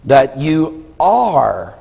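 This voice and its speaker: A man, a pastor from the United States, preaching a sermon in a folksy storytelling way and often clearing his throat. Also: a little high, huge pitch swings, extremely slow, mellow. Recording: long hall reverb.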